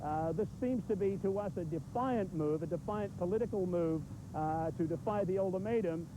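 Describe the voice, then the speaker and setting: A male war correspondent with a raised, high voice reports live from outdoors at night, pausing on fillers as he weighs his words. Heavy noise and city rumble sit under this archival broadcast recording. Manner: measured, halting with fillers. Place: outdoors in a hotel garden.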